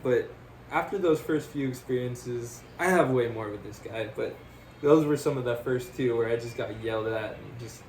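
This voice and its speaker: There's a bit of hiss or hum behind this young man's medium-pitched voice as he co-hosts a podcast at a moderate pace. His storytelling is casual and animated, full of laughter and repeated uses of "freaking."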